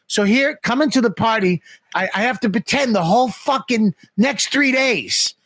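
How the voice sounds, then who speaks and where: High-voiced, profane storytelling man. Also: moderate pace, no echo, clean studio sound. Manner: animated, profane, acts out voices in his story. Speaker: comedian guest telling stories. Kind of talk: casual storytelling on a comedy podcast.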